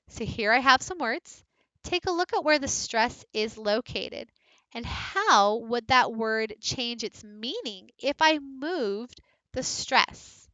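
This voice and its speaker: A woman literacy coach giving a recorded training lesson to teachers, with clear, deliberate teacherly delivery. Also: fairly high pitch, sharp tone, dry recording, highs cut off.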